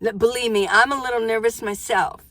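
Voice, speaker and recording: A woman's voice: on the high side, fairly even intonation, a little fast, bright, forceful tone, no echo. An older woman chats to her viewers from inside her minivan. She is exclamatory and talkative, and she often stops herself partway through a thought to start it again. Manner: chatty, self-interrupting, exclamatory. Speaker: van life vlogger. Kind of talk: casual chat to camera.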